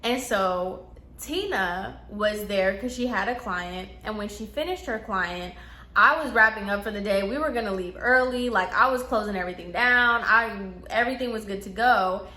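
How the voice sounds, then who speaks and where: A woman's voice: mid-range voice, moderate pace, bright, forceful tone. A woman telling a casual storytime about a coworker, chatty and full of fillers. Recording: echoey room.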